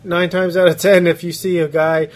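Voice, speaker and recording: A man's voice: sits high, little pitch movement, normal speed. A man co-hosting a casual sports podcast, laughing often and giving blunt opinions with casual swearing. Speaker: podcast co-host.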